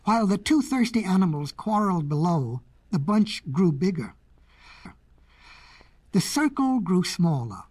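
A woman narrating storybook fables in a playful, expressive way. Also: on the low side, a little slow, husky.

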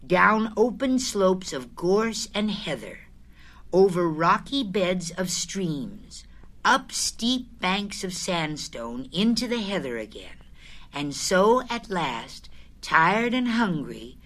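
A woman narrating a storybook chapter aloud in an expressive, unhurried way. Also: fairly low pitch.

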